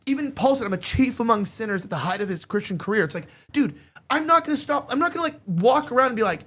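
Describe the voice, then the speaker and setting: A man in casual podcast banter, rambling and animated, stacking filler words and breaking into quick laughs. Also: very high voice. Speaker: podcast panelist.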